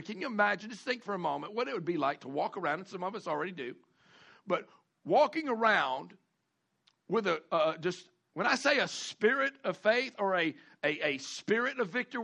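Male pastor, high bright voice, folksy sermon delivery with call-and-response. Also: vocal fry. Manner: folksy preaching with call-outs, repeats and drawn-out emphasis.

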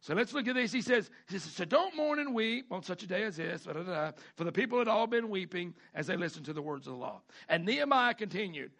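A male pastor preaching a sermon, animated, jumping between a loud delivery and mimicked whining voices. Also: quick pace, creaky, hardly any pauses. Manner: animated preaching with dramatic pitch swings and mimicked complaining voices.

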